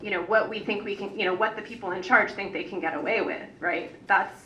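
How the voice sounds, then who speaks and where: A woman's voice: mid-range voice, brisk, bright, forceful tone, slight background noise. A woman parent organizer speaking off the cuff on a public panel, earnest and rambling, full of fillers and restarts. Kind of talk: unscripted panel talk. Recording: echoey hall, mic at a distance.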